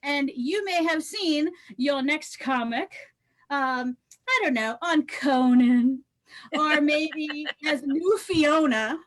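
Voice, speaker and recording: A woman's voice: high-pitched, slow pace. A woman hosting a comedy live stream, introducing comics in a bubbly, cheering way. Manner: bubbly, cheering, laughs a lot. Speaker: comedy show host. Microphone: video call.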